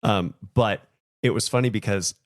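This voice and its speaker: A man's voice: on the low side, normal speed, no echo, clean studio sound. A man hosting a podcast, telling a personal story in a casual, reflective way that turns emotional. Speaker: podcast host.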